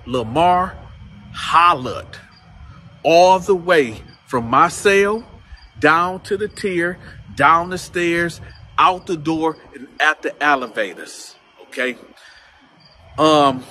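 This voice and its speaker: A man telling a story casually to camera, lively and acting out other people's voices. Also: fairly high pitch, takes it slowly, long pauses, slight background noise. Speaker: channel host telling prison stories.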